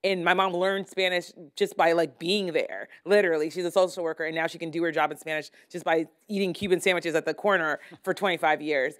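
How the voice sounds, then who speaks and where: A woman from Miami speaking as a journalist on a panel, telling stories with lively quoted asides. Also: fairly low pitch, fairly quick, few pauses. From Miami, Florida. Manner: animated storytelling, quotes people in lively asides. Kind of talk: panel discussion. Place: university pavilion stage.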